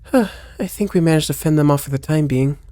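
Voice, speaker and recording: A man commenting on a video game as he plays, joking and reading lines aloud, with loud exclamations and low mutters. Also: moderate pace. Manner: lively, jokey, swings between loud exclamations and low mutters. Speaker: gameplay streamer.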